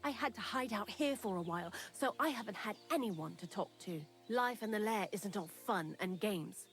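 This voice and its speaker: A woman's voice: medium pitch, expressive, normal speed, faint music behind, natural voice. A woman voicing a talkative young woman hiding out in a thieves' lair in a video game, candid and dryly morbid. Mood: chatty. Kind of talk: game character dialogue.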